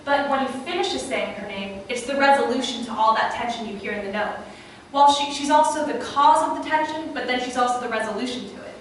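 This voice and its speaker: A young woman presenting a workshop to a live audience, chatty and lively, with fillers and asides to the listeners. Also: on the high side, brisk, slight background noise. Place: classroom or small auditorium with an audience. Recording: echoey room, far from the mic.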